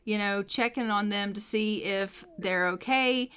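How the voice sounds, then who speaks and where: A woman's voice: mid-range voice, measured pace, a bit bright, clean tone, lightly acted. A woman voicing Charles, an anxious, overprotective father who lectures in fretful questions, in a life-simulation game story. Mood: worried. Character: anxious overprotective father, middle-aged man.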